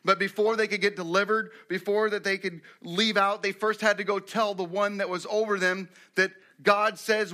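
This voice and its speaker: A man preaches a sermon in a bright, fairly high voice. He drops low for storytelling, then climbs loud and emphatic and puts questions to the congregation. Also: moderate pace. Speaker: pastor.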